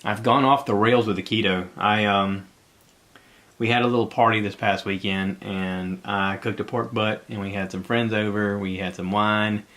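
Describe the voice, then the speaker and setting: A man's voice: fairly low pitch, fairly even intonation, normal speed, fairly bright tone. Rambling man hosting a solo podcast. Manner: rambling and conversational. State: a bit out of breath. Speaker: podcast host.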